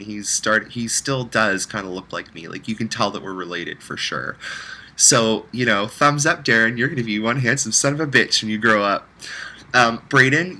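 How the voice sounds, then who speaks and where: A man's voice: fairly low pitch, pushed and bright, poor audio. A man recording a heartfelt, rambling personal video message, close to tears at times.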